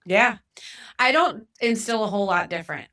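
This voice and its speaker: A woman in her forties, a podcast guest, speaking candidly and reflectively in a relaxed conversational interview. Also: medium pitch, moderate pace. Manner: candid, reflective, thinks aloud with fillers.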